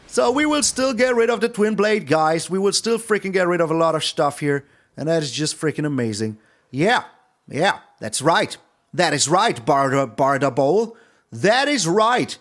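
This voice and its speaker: A young man giving casual gameplay commentary, playful and taunting, swinging between excited high bursts and low mutters. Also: normal speed. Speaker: game streamer.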